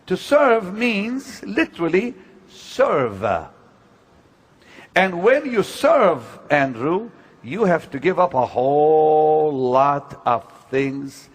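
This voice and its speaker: An older man preaching, telling personal stories emphatically and swinging from loud declarations to hushed moments. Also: mid-range voice. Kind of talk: sermon-style teaching talk.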